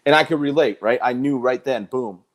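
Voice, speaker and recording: A man who is a guest in a live interview, telling his stories in an animated, conversational way with quoted dialogue. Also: mid-range voice, a little fast. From United States.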